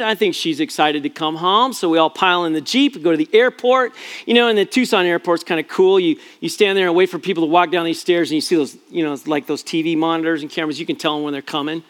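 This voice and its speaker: A middle-aged pastor with a fairly high, slightly bright voice tells a personal family story as a storytelling sermon. He's chatty and self-deprecating, his speech full of fillers and restarts.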